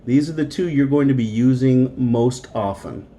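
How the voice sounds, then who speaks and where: A man's voice: medium pitch, moderate pace, mellow. A man teaching a recorded beginner Spanish lesson, explaining patiently step by step and repeating words.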